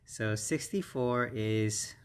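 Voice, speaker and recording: A middle-aged man whose first language is Korean, teaching beginner English vocabulary slowly and repeating each word several times. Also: on the low side, smooth. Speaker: English instructor. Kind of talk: slow beginner vocabulary lesson.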